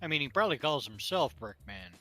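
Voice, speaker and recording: A man's voice: medium pitch, very animated, a little fast, bright, forceful tone, soft background music. A man playing a tabletop game, reasoning in a matter-of-fact way. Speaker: player.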